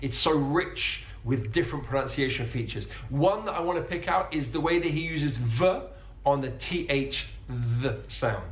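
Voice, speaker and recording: A man's voice: a little high, animated. Man explaining accents, roomy sound. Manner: demonstrates sounds slowly and carefully. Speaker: English accent teacher. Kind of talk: explanatory narration.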